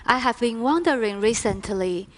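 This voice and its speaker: A woman from China whose first language is Chinese, speaking English on a lecture stage as a first-person interpreter, with slow, deliberate phrasing. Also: fairly high pitch, lively intonation, noisy background. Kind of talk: stage talk.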